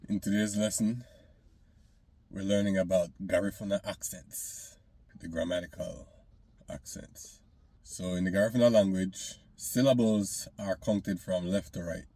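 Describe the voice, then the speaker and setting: A man teaching a recorded language lesson, saying each example word twice and loudly before giving its meaning. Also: sits low, fairly even intonation, measured pace, no room sound.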